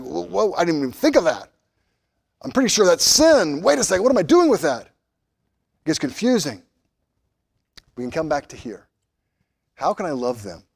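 A man preaching a sermon as pastor of a church, swinging between loud emphatic rises and quiet, low passages, closing in prayer. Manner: animated, rising loud on emphasis, dropping soft and low.

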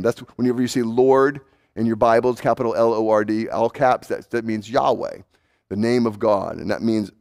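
A male pastor preaching a sermon emphatically, swinging between raised urgency and hushed, low intensity, and repeating words for emphasis. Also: brisk.

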